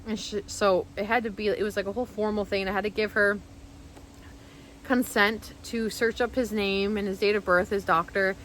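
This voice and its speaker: A woman's voice: medium pitch, fairly even intonation, moderate pace, a bit bright, slight background noise, poor audio. A woman vlogger telling a personal story straight to camera, rambling and heartfelt, full of "like" and restarts.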